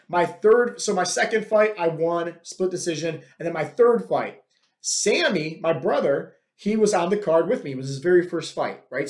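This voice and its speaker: High-voiced man telling stories in an echoey room. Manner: rambling, tags sentences with "right?". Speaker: podcast host. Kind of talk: casual personal storytelling.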